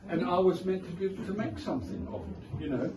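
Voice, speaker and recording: At his book launch, an author with a South African accent tells amused, rambling anecdotes full of digressions in a casual talk to guests in an indoor event room. His voice is high-pitched and very animated, and he speaks fairly quickly. The recording is noisy and echoey, with a distant mic.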